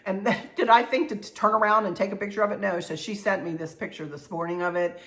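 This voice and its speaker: A woman's voice: mid-range voice, fairly even intonation, quick pace, fairly bright tone. A middle-aged woman hosting her own vlog, talking heartfelt and rambling, with many fillers and restarts. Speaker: channel host. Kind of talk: heartfelt casual vlog chat.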